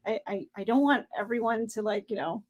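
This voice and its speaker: A woman's voice: fairly high pitch, a little fast, darkish tone. A woman co-hosting a casual live stream who often laughs and answers in short agreeing replies. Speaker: co-host guest on the stream. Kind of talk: casual chat.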